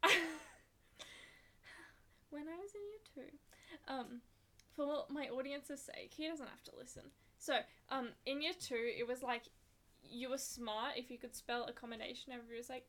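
Giggly Australian woman with a higher voice. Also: normal speed, a bit bright. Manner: rambling, giggly storyteller. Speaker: podcast co-host. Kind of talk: casual podcast chat.

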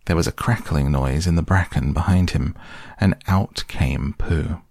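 A man reading a children's storybook aloud in a gentle, measured way. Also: a bass voice, no echo, studio quality. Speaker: narrator.

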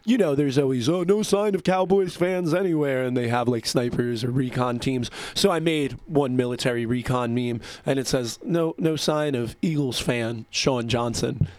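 A man's voice: medium pitch, normal speed, few pauses, no echo. A man hosting a casual radio show, rambling between songs, gleeful and profane, laughing often.

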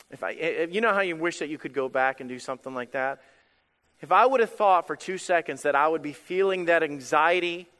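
A male pastor preaching a sermon in an animated, emphatic way, repeating phrases for effect. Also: fairly high pitch, big-room sound.

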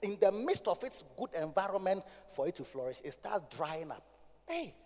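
Ghanaian male pastor, high voice, preaching in an echoing hall, swings from quiet to shouted sing-song. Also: big pitch swings, moderate pace. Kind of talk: sermon. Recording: hall reverb.

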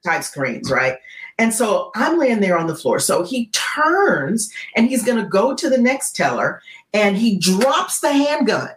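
A woman guest on a podcast interview, telling a dramatic story in an animated way and often checking in with "right?". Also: mid-range voice, a little slow. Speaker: guest, keynote speaker. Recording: roomy echo.

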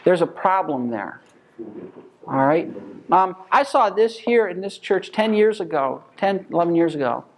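A man's voice: high-pitched, lively intonation, a little slow. A man teaching a church Bible class, emphatic and full of rhetorical questions.

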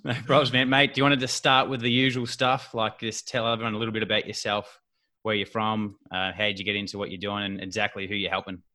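Bright-voiced Australian podcast host. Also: male voice, fairly low pitch, level tone, fast talker. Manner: laid-back, chatty, slangy. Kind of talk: casual chat.

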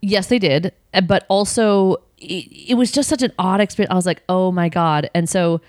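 Brief: woman, low voice, dry close mic, animated storyteller who swears freely. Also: moderate pace, no room sound. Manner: animated, swearing, acts out her own past lines. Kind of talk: casual chat, storytelling.

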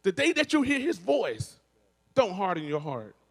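Male church speaker, fervent preacher cadence, slightly high, long hall reverb. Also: normal speed, gravelly. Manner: energetic, repetitive preacher cadence with frequent restarts. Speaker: worship musician and speaker. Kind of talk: testimony in a church service. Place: church building.

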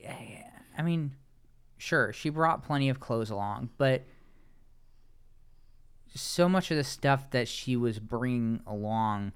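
A man co-hosting a podcast, chatting casually and sarcastically about a reality show, with halting restarts. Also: mid-range voice, smooth. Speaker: podcast co-host. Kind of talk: casual podcast recap chat.

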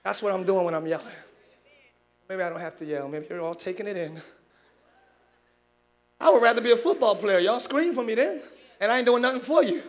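A man preaching a sermon as pastor, calling out to his congregation and pushing them to answer back. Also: high voice. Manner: shouting preacher, call-and-response with congregation.

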